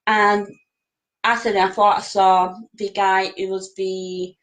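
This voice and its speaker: A woman's voice: medium pitch, level tone, slow, poor audio. A woman chiming in hesitantly during a casual chat.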